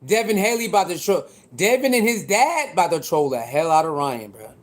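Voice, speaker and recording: Chatty high-voiced man streaming live. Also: sing-song, a little fast. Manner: chatty, repetitive, reacting to boxing news with slang. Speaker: livestream host. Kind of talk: casual livestream chat.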